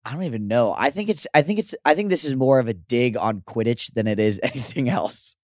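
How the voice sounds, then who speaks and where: A man's voice: medium pitch, lively intonation, brisk, dry recording, studio quality. A young man co-hosting a podcast, joking casually and laughing often. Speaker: podcast co-host. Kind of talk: casual chat.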